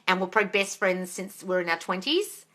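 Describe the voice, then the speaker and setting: A woman in her forties answering viewers' questions on a phone livestream at home, blunt and exasperated, swearing and often shouting. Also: lowish voice, animated, brisk. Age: 40s. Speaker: manifesting coach answering live questions.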